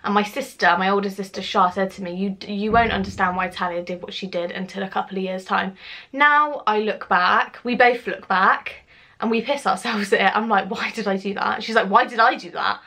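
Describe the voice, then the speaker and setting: A woman's voice: mid-range voice, normal speed, sharp tone. A young woman chats through a personal story for her vlog. She talks casually to the camera at home, swears freely and acts out the lines of the people in it. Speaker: vlogger.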